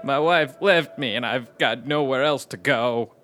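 An actor playing a nervous young army recruit who shouts his answers back at the sergeant. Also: measured pace, faint music behind, natural voice. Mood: strained. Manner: strained, high shouted replies. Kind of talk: comedy sketch acting.

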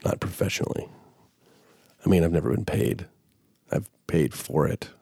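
A man co-hosting a comedy podcast with a slight cold that makes his voice gravelly, reacting with quick, playful quips. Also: sits low, dark tone, no echo, clean studio sound. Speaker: podcast co-host. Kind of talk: casual comedic banter.

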